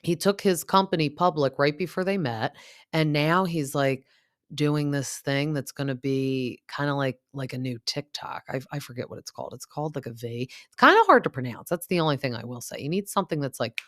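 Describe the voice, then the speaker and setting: A woman's voice: low-pitched, brisk, a bit bright, dry recording, studio quality. A woman hosting a casual reality TV recap, gossipy and opinionated, with plenty of fillers. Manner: chatty, lots of fillers like "like" and "um".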